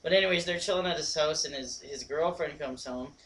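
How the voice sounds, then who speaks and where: A man's voice: fairly high pitch, brisk, a bit bright, distant mic, low-quality recording. A man co-hosting a casual movie review podcast. He talks in a laid-back way, agrees a lot and swears casually. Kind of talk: casual chat retelling a movie.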